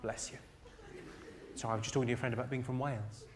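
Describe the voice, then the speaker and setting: A man doing stand-up, roasting the audience with a deadpan, teasing delivery on stage. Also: medium pitch, fast, a little hiss or hum. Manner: deadpan, teasing crowd work. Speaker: stand-up comedian. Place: live theatre with an audience. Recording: loud audience laughter behind.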